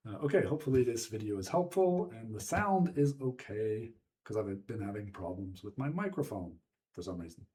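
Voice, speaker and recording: A man giving a relaxed, casual English lesson on video, often checking in with the listener. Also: fairly low pitch, moderate pace. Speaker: English teacher. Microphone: home video microphone.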